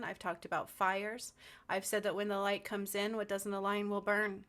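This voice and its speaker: A woman's voice: mid-range voice, a bit bright. A woman giving a rambling, fervent spiritual monologue to camera, with frequent ums and restarts. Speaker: spiritual channel host.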